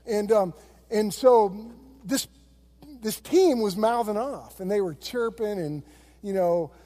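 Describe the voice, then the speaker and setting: High-voiced preacher in a reverberant hall. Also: male voice, mellow. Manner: conversational storytelling preaching. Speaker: pastor. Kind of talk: sermon. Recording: long reverb of a large hall.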